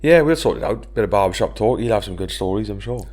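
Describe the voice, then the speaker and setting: A man in casual podcast chat, easygoing and quick with banter. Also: fairly low pitch, animated, a little mellow. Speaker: podcast co-host.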